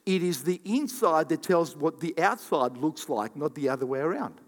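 Guy pastor preaching, lively, acts out voices, big hall echo. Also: fairly high pitch, normal speed. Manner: animated, acts out quoted voices, repeats for emphasis. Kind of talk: sermon. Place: church hall.

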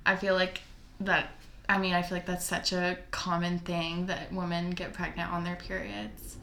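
A woman's voice: fairly low pitch, flat delivery, moderate pace, vocal fry, fairly bright tone. A young woman co-hosting a podcast in casual chat, giggly and chatty with plenty of filler words. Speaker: podcast co-host. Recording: echoey room with faint background noise.

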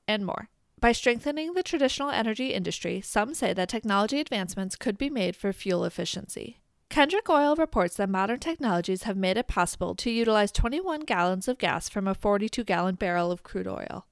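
A woman hosting an informational podcast, reading a script in an even, measured way. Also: medium pitch, smooth, dry recording, clean studio sound. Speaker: podcast host.

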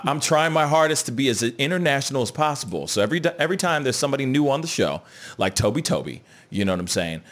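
A man's voice: medium pitch, a bit bright. A man hosting a casual live news show, joking around and greeting viewers by name as he reads the chat. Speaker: show host.

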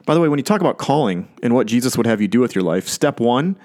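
A man's voice: medium pitch, expressive, fast talker, hardly any pauses, a little mellow. A man preaching a casual sermon, conversational and jokey, paraphrasing scripture in everyday speech.

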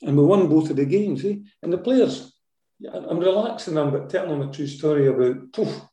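A Scottish man, a former football manager, telling anecdotes in an interview, lively and often tagging his sentences with "eh?". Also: a little high, brisk, roomy sound. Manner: lively storyteller, tags sentences with "eh?".

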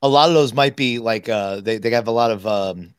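A man's voice: mid-range voice, a little fast, clean tone, dry recording, clean studio sound. A man co-hosting a casual podcast chat, teasing and a little hesitant. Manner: teasing, hesitant, with many fillers. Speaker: podcast co-host.

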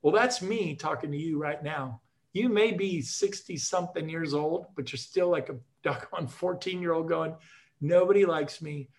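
A man's voice: a little high, moderate pace. A man speaking to agents on a video call, telling his sales stories with punchy, emphatic energy and jokes. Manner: energetic, emphatic, jokey storyteller. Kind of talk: motivational talk on a video call.

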